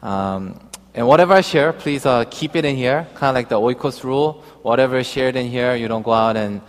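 A man's voice: medium pitch, fairly quick. Chatty preacher man in a reverberant hall. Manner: hesitant, filler-heavy, chatty storytelling. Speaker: pastor. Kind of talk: sermon with personal story and scripture reading. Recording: long reverb of a large hall.

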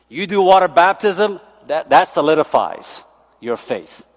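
A man preaching a sermon as pastor, animated and joking, often checking in with the congregation by asking "okay?" and "right?". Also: on the high side, a little slow. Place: church sanctuary. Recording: long church hall reverb.

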